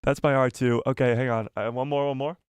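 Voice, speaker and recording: Excitable man hosting a live stream. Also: mid-range voice, a little fast, smooth, no echo. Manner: excitable, chatty, jumps between topics. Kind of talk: casual live-stream chat with viewers.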